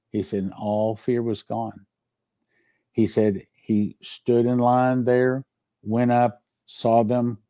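A man's voice: fairly low pitch, mellow, dry recording. A male pastor delivering a sermon, telling stories earnestly and reading scripture aloud. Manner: earnest storytelling preacher, reads scripture aloud.

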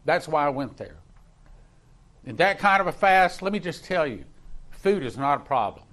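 A man's voice: on the high side, very animated, moderate pace, fairly bright tone. A man preaching as a pastor, telling a personal story with emphatic, repeated phrases. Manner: emphatic, rising in intensity, repeats words for stress.

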